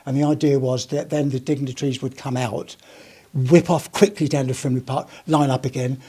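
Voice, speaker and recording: A man's voice: medium pitch, fairly even intonation, normal speed, dark tone, breathy edge. An older man, a retired police officer, giving a rambling, chatty anecdotal talk to a live audience. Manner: rambling, chatty storyteller with many restarts. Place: heritage gallery talk.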